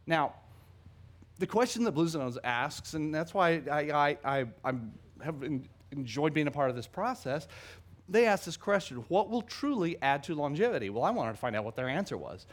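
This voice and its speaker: Middle-aged male pastor, slightly higher voice, lively storytelling sermon, stumbles and restarts often. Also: normal speed. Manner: animated storytelling with many restarts.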